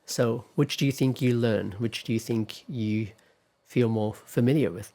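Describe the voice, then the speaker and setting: A man's voice: mid-range voice, a little slow, warm tone. A man giving a classroom lecture on pronunciation, patiently explaining step by step and putting questions to his students.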